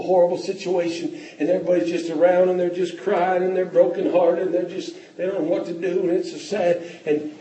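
A man preaching a fervent sermon in a church, often shouting and restarting phrases. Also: high-pitched, roomy sound, recorded from a distance, highs cut off.

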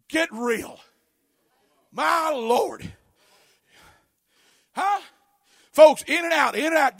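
Male pastor, fervent shouting sermon, bright edge, close dry sound. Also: very high-pitched, animated, extremely slow, creaky, long pauses, no room sound. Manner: fervent, shouts in bursts, repeats amen, rhetorical questions.

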